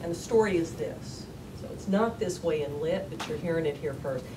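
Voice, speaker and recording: A woman with a slightly low voice speaks candidly on a writers' panel, dropping curses and laughing easily. She is heard from off-mic, with roomy echo and steady noise around her. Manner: frank and salty, cussing freely, quick to laugh. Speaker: panelist, memoir author. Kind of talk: casual panel talk. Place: lecture hall at a public panel. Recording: distant, echoey, noisy hall recording.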